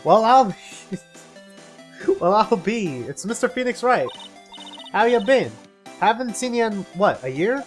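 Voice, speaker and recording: A man's voice: sits high, big pitch swings, a little slow, pauses often, pitched above the performer's own voice. A brash young southern woman photographer, put on by a man reading a game aloud, drawling and bossy in a raised, bouncy voice. Her folksy manner swings up and down. Faint music plays behind her. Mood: cheery.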